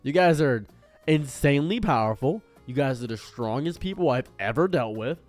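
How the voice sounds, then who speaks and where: A man voicing a gruff middle-aged government man who talks in a low, flat, matter-of-fact way. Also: normal speed, soft background music, lightly acted. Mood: weary.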